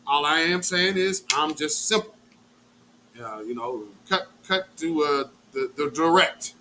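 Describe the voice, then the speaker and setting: Animated guy ranting on his live show, high voice that swoops around, some faint noise behind. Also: unhurried. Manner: animated, profane, acts out quotes. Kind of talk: casual storytelling rant.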